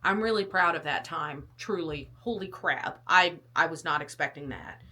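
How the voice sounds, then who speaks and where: A woman's voice: deep voice, expressive, normal speed, bright, forceful tone. A young woman vlogging casually about her fitness test, chatty and rambling, coughing and out of breath. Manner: chatty, rambling, self-deprecating.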